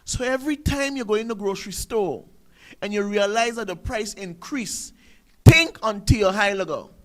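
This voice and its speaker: A talk show host delivers an emphatic commentary monologue. He speaks in a very high voice and hammers his points with repetition and rhetorical questions. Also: expressive, moderate pace, a bit bright, rough recording. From Sint Maarten.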